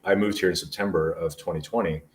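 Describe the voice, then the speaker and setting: A man's voice: deep voice, fairly even intonation, fast talker. A man in his forties from New Jersey, a guest telling stories in a rambling, earnest way during a casual interview. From New Jersey, USA. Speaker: guest, motivational speaker. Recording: voice distant from the mic.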